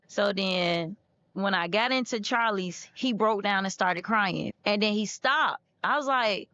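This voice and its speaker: A woman podcast host in casual conversation, telling stories with lively acted-out dialogue. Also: medium pitch, unhurried, no echo, muffled recording. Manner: animated storyteller, acts out quoted dialogue.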